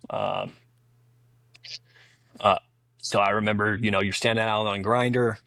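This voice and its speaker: A man's voice: lowish voice, steady tone, unhurried, gravelly, a bit bright, dry recording. A man, a former Navy SEAL, talking casually as a podcast guest, telling long anecdotes with frequent restarts. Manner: rambling anecdotal storytelling with many restarts. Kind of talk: casual storytelling interview.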